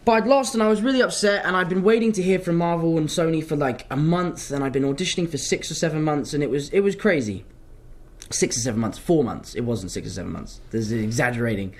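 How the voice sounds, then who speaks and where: A young man, an actor answering fan questions in a casual live chat, telling stories in an animated, self-mocking way. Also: fairly high pitch, fast.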